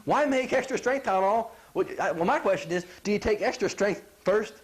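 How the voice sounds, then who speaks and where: A man's voice: high-pitched, fairly quick. A middle-aged man, a chiropractor, giving a folksy health talk and acting out quotes as he goes. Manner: animated, acts out quotes, asks "you follow?".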